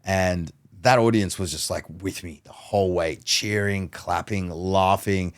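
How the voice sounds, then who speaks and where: A man, a mentalist guest on a podcast, chatting casually and telling animated stories that act out both sides of a conversation. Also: low voice, a little slow, clean tone. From Australia. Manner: animated storyteller who acts out dialogue.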